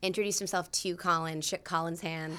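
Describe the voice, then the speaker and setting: A woman's voice: on the low side, steady tone, a little fast, pushed and bright, clean tone. A young woman guest in a casual chat, enthusiastic and talkative with many fillers.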